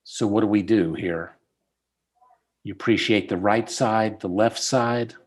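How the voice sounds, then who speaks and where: Over a video call, a middle-aged man who is a dentist talks a student through cases in casual teaching conversation, at a measured pace in a voice on the low side. He tells stories as he goes, growing animated when quoting people.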